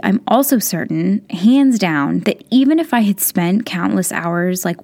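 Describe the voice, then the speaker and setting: A woman's voice: on the low side, a little mellow. A woman in her thirties hosting her own podcast, talking straight to listeners in a chatty, encouraging way with lots of casual fillers. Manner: chatty and encouraging, many "like" and "you know" fillers. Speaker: podcast host. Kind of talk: solo podcast monologue.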